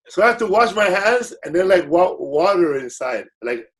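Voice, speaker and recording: This guest comedian has a high-pitched voice with big pitch swings and talks a little slowly. He tells casual, meandering stories, catching and correcting himself and slipping into Spanish.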